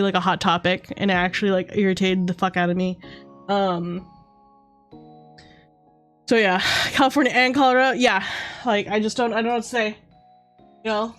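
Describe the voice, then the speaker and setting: Young woman, from Canada, casual stream chat, lots of fillers and cursing, slightly high voice. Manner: rambling, swears freely, many fillers.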